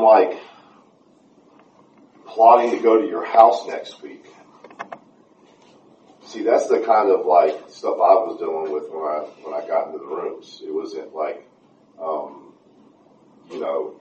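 A man in recovery sharing haltingly and plainly about an old resentment. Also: deep voice, fairly even intonation, darkish tone, a little hiss or hum. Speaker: group member in recovery. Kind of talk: personal sharing. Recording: echoey, distant, dull sound.

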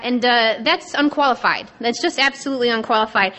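A young woman speaking on a conference panel, sharing her story quickly, a little nervous and excited. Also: a little high. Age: young adult. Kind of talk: personal share talk.

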